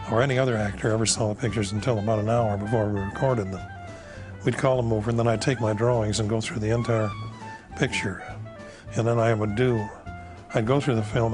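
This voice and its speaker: Low-voiced man explaining, music under him. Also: rough recording. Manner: matter-of-fact explaining. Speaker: animation director. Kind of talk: archival interview.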